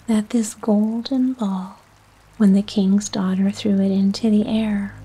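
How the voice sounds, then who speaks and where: A woman reading a fairy tale aloud as a bedtime storyteller, in a whispered role-play with a soft unvoiced whisper. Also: mid-range voice, steady tone, unhurried, husky, poor audio. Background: soft music.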